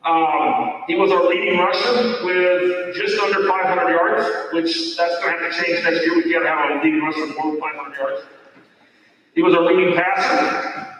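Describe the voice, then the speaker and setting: A man's voice: high-pitched, steady tone, normal speed, a bit bright, a little hiss or hum. A middle-aged man, a football coach, giving an end-of-season awards speech in a folksy, rambling way with many fillers and restarts. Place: large echoey hall at an awards night. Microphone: far from the microphone. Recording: echoey hall from far off.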